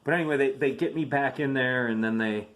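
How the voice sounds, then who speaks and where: A man's voice: mid-range voice, fairly quick, a bit bright. A man in his fifties, an army veteran, telling family military stories in a casual, rambling vlog full of fillers and restarts.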